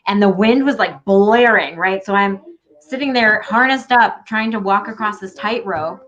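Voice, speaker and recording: A woman guest chatting casually and telling lively anecdotes from her time on a competition show. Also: mid-range voice, moderate pace, lo-fi sound. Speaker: guest, former contestant. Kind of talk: casual chat.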